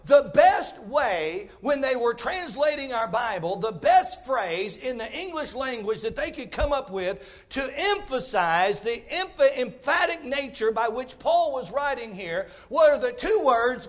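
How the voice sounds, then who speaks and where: A man preaching a fervent revival sermon in a church auditorium, often rising to emphatic shouts. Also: very high voice.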